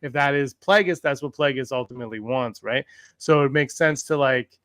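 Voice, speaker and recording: A man hosting a casual podcast chat, animated and quick to question his co-hosts. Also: medium pitch, clean tone, no room sound. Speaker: podcast host.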